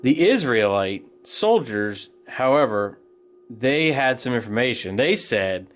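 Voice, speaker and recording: A man in a middle pitch range leads a children's Bible lesson, retelling the story in an animated, casual way. His delivery is plain-spoken and friendly to young listeners, with lively storytelling turns. It sounds like a teacher speaking straight to a class of kids. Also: slow pace.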